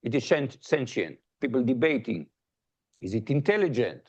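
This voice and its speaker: A man delivers an academic colloquium talk in a relaxed, conversational way, trading jokes and anecdotes and often restarting his sentences. His voice sits in a middle range. The recording sounds dull and muffled, as if captured in a lecture hall. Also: mid-range voice, normal speed, breathy edge.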